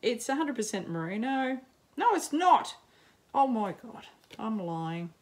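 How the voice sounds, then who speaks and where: Slow, rambling Australian woman. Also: fairly high pitch, very animated. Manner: rambling, self-mocking, quick laughs and many ums. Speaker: knitting podcaster. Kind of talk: casual chat to camera. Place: home, in sunshine.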